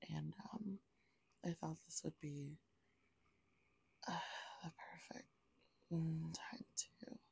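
Groggy, gravelly low woman's voice. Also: fairly even intonation, slow pace, pauses often. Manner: soft half-whispered talk with many fillers. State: groggy, just woken up. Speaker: solo audio rambler. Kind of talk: casual rambling monologue. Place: in bed.

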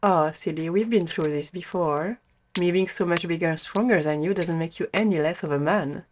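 A young woman in an adult audio role-play, speaking to the listener as a doting girlfriend in a soft, affectionate way. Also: on the low side, moderate pace, slight background noise.

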